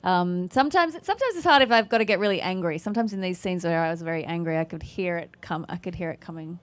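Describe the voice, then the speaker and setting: An actress with an Australian accent answering a panel question in a playful, self-mocking way. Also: female voice, lowish voice, fast talker, no echo.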